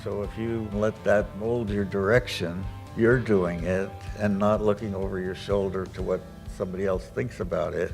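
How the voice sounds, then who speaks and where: A man answering questions casually and reflectively, relaxed, with chuckles and thoughtful pauses. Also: lowish voice, creaky, faint music behind. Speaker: award honoree.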